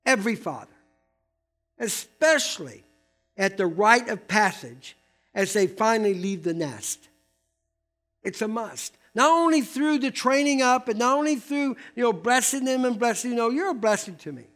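An older man preaching a sermon, emphatic and repeating key words, swinging between loud stresses and hushed asides. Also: very high voice, sing-song, moderate pace, soft background music. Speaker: pastor.

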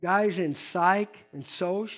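An older man preaching a sermon, emphatic and repeating key words, swinging between loud stresses and hushed asides. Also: sits high, takes it slowly. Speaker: pastor.

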